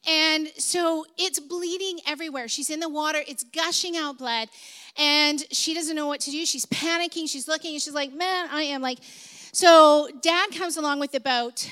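A woman's voice: high-pitched, fairly even intonation, moderate pace, sharp tone. A middle-aged woman telling a story in a sermon, conversational, with many fillers and asides. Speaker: speaker at a church service.

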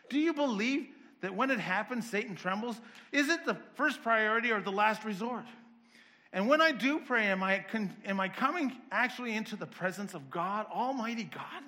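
In a sermon, a male preacher with a high, bright, ringing voice fires off rhetorical questions in rapid runs, each building toward fervent intensity. Between them he slips in wry, self-deprecating asides.

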